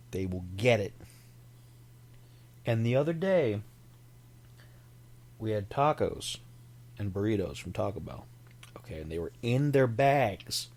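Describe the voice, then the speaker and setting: A man's voice: lowish voice, darkish tone. A man hosting a podcast in a casual, rambling monologue, chatty and self-deprecating, who now and then imitates animal sounds. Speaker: podcast host.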